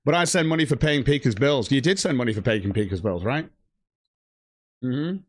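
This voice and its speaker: A man's voice: medium pitch, expressive, normal speed, no echo, studio quality. A man ranting angrily on his livestream, swearing heavily and reading out chat messages. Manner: profane, heated, reads chat aloud. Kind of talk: angry stream rant.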